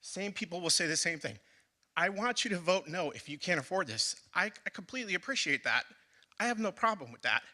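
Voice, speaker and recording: A man's voice: sits high, lively intonation, brisk, bright, forceful tone. Impassioned man pleading at a public forum. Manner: impassioned, repeats phrases for emphasis. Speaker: school building committee member. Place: public meeting hall.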